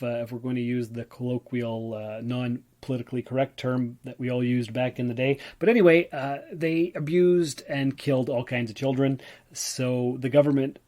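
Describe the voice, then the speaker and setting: A man's voice: mid-range voice, a little mellow. Tired, rambling man hosting a podcast. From Ontario, Canada. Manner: rambling, chatty, full of fillers. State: tired and yawning. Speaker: podcast host. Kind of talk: casual solo podcast monologue.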